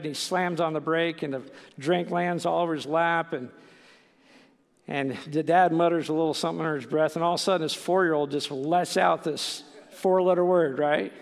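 Gravelly middle-aged male pastor preaching. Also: on the high side, long reverb tail. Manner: conversational, with many fillers and "right?" asides. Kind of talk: sermon.

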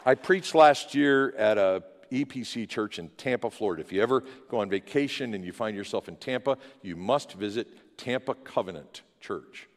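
A male pastor delivers his sermon in a fervent preaching voice that climbs into loud, ringing declarations. His words trail off into the long echo of a large church sanctuary. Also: lowish voice, expressive, moderate pace, hardly any pauses. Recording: long hall reverb in a church.

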